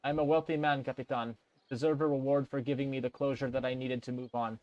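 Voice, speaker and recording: A man's voice: medium pitch, level tone, fast talker, no echo, highs cut off, close to an everyday voice. A man reading out a grieving wealthy widower from a game in a restrained, formal way.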